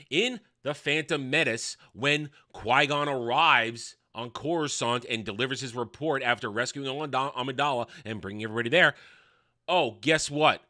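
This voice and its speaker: A man's voice: mid-range voice, pushed and bright. A man hosting a commentary channel, delivering a heated, scornful opinion rant and hammering phrases through repetition. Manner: combative, scornful, repeating phrases for emphasis.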